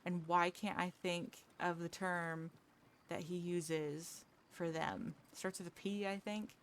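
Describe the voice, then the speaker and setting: A woman's voice: lowish voice, fairly even intonation, slow pace, smooth. A woman chatting casually with viewers during a game livestream, rambling, restarting her sentences and laughing easily. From United States. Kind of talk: casual chat with viewers while gaming.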